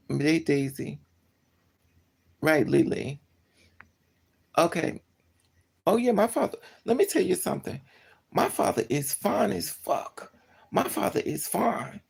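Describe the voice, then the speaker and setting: A streamer tells a story to live chat in a heavy, fry-laden voice with a rough, husky edge. The talk is blunt and full of swearing. They keep repeating and correcting details as they go. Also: mid-range voice, slow, pauses often, a little mellow. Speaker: livestreamer.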